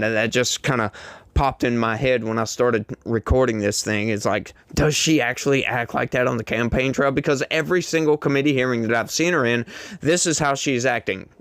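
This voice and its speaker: A man delivers a sarcastic, rambling commentary on politics, heavy on filler words. His voice sits at an ordinary middle pitch and is recorded dry and close, with no room sound. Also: fairly bright tone, no echo. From rural United States. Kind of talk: casual commentary monologue.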